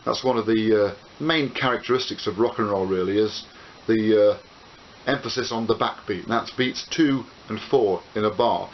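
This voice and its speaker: A man giving a ukulele lesson in a relaxed, explanatory way, counting beats and calling out chords as he plays. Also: fairly low pitch, moderate pace. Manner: relaxed explanatory, with frequent "uh" fillers. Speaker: ukulele teacher. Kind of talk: instructional tutorial, counting and calling chords while playing. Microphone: camcorder microphone. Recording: dull hissy camcorder audio with loud ukulele. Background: ukulele playing.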